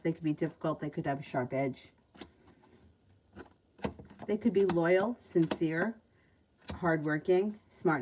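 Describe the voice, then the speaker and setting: On a livestream, a tarot reader with a fairly low voice reads out viewers' questions and answers them chattily, laughing easily between readings. Background noise can be heard.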